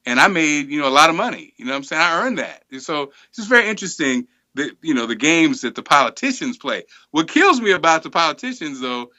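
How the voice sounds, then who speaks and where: A man's voice: fairly high pitch, fast talker, hardly any pauses, lo-fi sound. A man hosting a live studio talk show in a casual, emphatic way that gets heated. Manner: animated, emphatic, gets fired up. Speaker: host.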